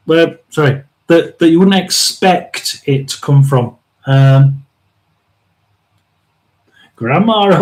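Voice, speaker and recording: A man hosting a live tarot reading, rambling and emphatic, often restarting and clearing his throat. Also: fairly high pitch, a little mellow, low-quality recording. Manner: chatty and emphatic, drawn-out stresses. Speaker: tarot reader and live stream host.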